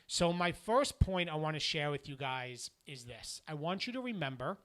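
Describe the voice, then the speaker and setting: Middle-aged male motivational speaker, podcast monologue; bright, forceful tone, earnest delivery. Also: fairly high pitch, animated, moderate pace. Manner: earnest and emphatic, drops softer when telling stories.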